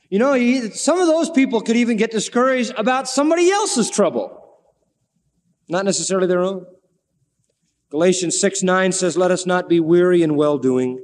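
A fairly high-voiced man preaches a sermon, retelling a scripture story with lively, animated delivery. He slips into the characters' pleading voices as he goes. His voice rings out with a long hall reverb around it.

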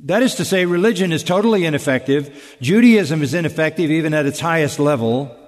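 Emphatic preacher man, slightly high voice. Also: in a large hall. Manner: emphatic, deliberate, with rhetorical questions and repetition. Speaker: pastor. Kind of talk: expository sermon.

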